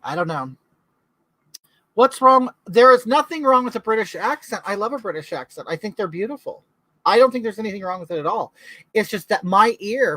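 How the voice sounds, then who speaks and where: A man's voice: high voice, fairly bright tone, dry recording, rough recording. A man from California hosting a casual livestream, chatting to viewers and reading their comments aloud in a gossipy way. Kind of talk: casual chat.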